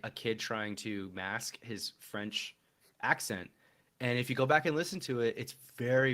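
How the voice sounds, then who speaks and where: Male podcast co-host, animated and exasperated, casual critic. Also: on the low side. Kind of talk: casual chat about a video game.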